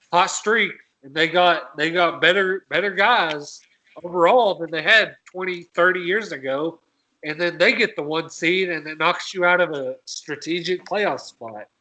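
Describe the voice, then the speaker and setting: A male podcast co-host arguing an earnest sports point, catching and fixing his words as he talks. His voice is bright and forceful and sits somewhat high. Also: poor audio. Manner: earnest, self-correcting arguer. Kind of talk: casual sports talk.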